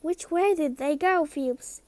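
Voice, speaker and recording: Woman doing a gruff old caretaker. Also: high-pitched, takes it slowly, darkish tone, no room sound, voice pushed up. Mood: impatient. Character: grumpy old male school caretaker.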